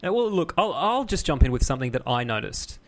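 A man's voice: mid-range voice, sing-song, fast talker. A man co-hosting a podcast, talking casually and bluntly, with opinions and casual swearing. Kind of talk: casual chat.

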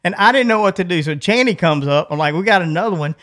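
A middle-aged man with a drawl tells a story to his co-host, animated and quick to laugh. He jumps into the voices of the people in his story. His voice sits a little high for a man. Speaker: podcast co-host. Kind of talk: casual storytelling.

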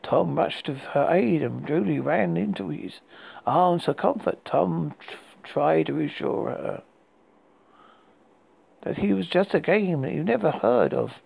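Gravelly UK man narrating horror stories, halting, lively pitch. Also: poor audio. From United Kingdom. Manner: halting, with frequent restarts. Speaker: horror podcast host. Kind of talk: storytelling narration.

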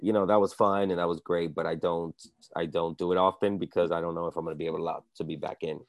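A man with a very low voice talks earnestly in a casual podcast chat. He is from the Dominican Republic and tells personal stories plainly. The sound is close and dry, with no room around it. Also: level tone, fast talker, dry recording. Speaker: comedian guest. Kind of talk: casual conversation.

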